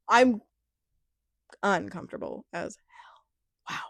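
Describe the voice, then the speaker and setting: A woman's voice: medium pitch, lively intonation, normal speed, dry recording, clean studio sound. A woman giving a casual, chatty recap of a reality show, rambling with lots of fillers and acting out quotes with a laugh.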